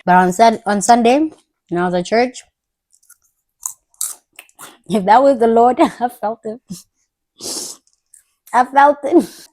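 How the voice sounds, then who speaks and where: A woman's voice: on the high side, a little mellow. A young woman, talking candidly and in slang as she tells stories in a casual diary vlog. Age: young adult. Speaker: vlogger.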